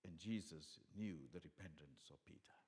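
A man preaching a sermon, earnest, with many fillers and restarts, dropping soft and then rising loud for emphasis. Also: sits low, normal speed.

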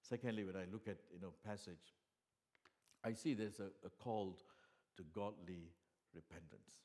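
Man preaching, earnest, low-ish voice, soft asides and loud emphatic swells, lots of fillers and restarts. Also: normal speed. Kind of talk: sermon.

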